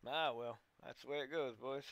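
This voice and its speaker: A man's voice: medium pitch, fairly even intonation, normal speed, gravelly, no echo. A man giving casual play-by-play commentary on a basketball video game, talking like a folksy coach who keeps calling his players boys and son. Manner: gets louder and more urgent during play. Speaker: gaming commentator.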